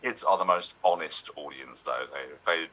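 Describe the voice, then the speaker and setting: A man's voice: a bass voice, moderate pace, pushed and bright, a little hiss or hum, low-quality recording. A man telling stories as a podcast guest, rambling with many fillers and restarts. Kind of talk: casual podcast chat.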